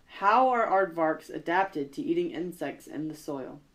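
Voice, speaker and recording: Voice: medium pitch, expressive, unhurried, fairly bright tone. A young adult podcast host chatting casually, rambling with many fillers and self-corrections. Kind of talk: casual chat.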